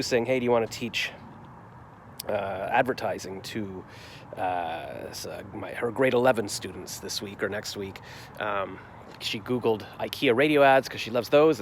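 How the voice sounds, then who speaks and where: A man in his forties recapping his day in a rambling, reflective vlog, full of fillers and restarts. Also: fairly low pitch. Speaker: vlogger. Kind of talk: casual daily vlog recap. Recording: faint street noise outdoors.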